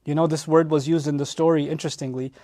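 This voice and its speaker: Man, Quran lecture, high voice, animated, acts out quotes. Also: fast. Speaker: Quran teacher.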